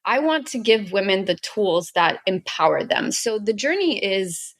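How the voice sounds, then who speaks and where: A woman's voice: medium pitch, very animated, unhurried, no echo. A woman from Ukraine, a guest entrepreneur on a podcast, talking earnestly and emphatically, stringing her clauses together. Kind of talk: podcast interview.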